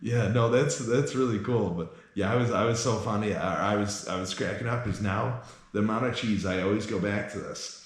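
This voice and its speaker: A man hosting a casual interview, telling animated, self-mocking stories and laughing often. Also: on the low side, a little fast. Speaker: host. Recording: very echoey room.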